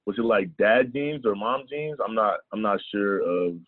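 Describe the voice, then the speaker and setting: A man's voice: fairly low pitch, lively intonation, moderate pace. A young man, a guest in a casual chat, speaking in a laid-back way and often repeating his words. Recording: tinny phone line.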